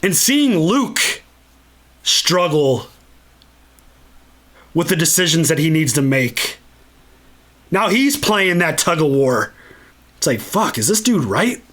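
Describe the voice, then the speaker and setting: A man hosting a solo podcast, talking casually and excitedly, swearing a lot and acting out lines from movies. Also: a little high, takes it slowly, pauses often. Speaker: podcast host.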